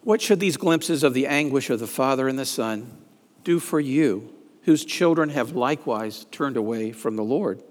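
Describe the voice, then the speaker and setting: A man's voice: medium pitch, lively intonation, moderate pace. A man preaching a sermon, reading scripture aloud with rising emphasis on the pleading lines. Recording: reverberant hall.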